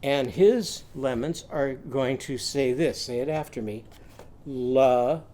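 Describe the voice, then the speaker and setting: A man's voice: medium pitch, a little slow, darkish tone. A man teaching young children a phonics lesson, singing little chants and leading sound drills for them to repeat.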